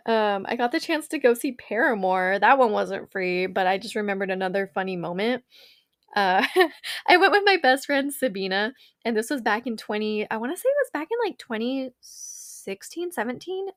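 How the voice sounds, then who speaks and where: A young woman, hosting a podcast and telling stories in a bubbly, animated way with lots of quoted dialogue. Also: mid-range voice. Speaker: podcast host. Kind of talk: casual storytelling.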